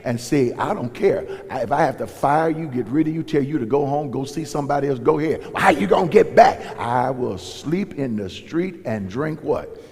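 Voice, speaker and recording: Lively folksy preacher with gravelly voice. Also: male voice, medium pitch, moderate pace. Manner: folksy storytelling, acts out dialogue in raised voices. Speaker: pastor. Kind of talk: sermon storytelling. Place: church sanctuary. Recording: long reverb in a large hall.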